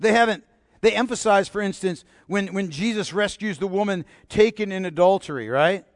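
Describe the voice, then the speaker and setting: Preacher, male, high-pitched, forceful sermon delivery with rhetorical questions, close and dry. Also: normal speed, no room sound. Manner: bold, emphatic preaching with repeated rhetorical questions.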